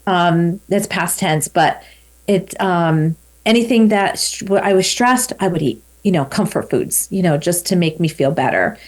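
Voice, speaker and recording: A woman's voice: fairly low pitch, animated, a little slow. A woman in her fifties, a podcast guest, talking candidly and reflectively in a casual interview. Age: 50s. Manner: candid and reflective, with light laughs.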